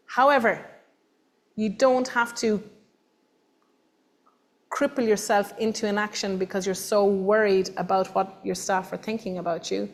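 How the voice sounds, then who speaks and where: A woman's voice: mid-range voice, a little slow. Emphatic Irish woman presenting a workshop. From Ireland. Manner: animated, emphatic, acts out voices of others. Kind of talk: lively workshop talk to an audience. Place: meeting room with audience.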